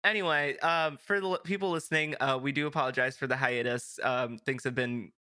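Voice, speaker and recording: A young man hosting a casual podcast, his voice bright and forward. He rambles along with plenty of fillers and restarts, and the recording is close and dry. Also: medium pitch, fairly even intonation, fairly quick, no room sound. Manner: chatty, rambling, filler-heavy. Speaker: podcast host. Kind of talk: casual chat.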